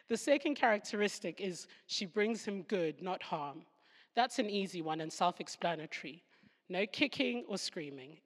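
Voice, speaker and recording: A woman with a Southern African accent leads a devotional Bible talk. She explains the verses with humorous asides and laughs at herself now and then. Her mid-range voice rings with a long hall reverb. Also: medium pitch. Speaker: Bible teacher.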